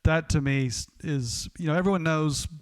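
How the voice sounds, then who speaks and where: Oklahoma guy, podcast host, smooth clear voice, lively storytelling. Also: fairly high pitch, normal speed. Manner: animated, lively storyteller with laughs and restarts.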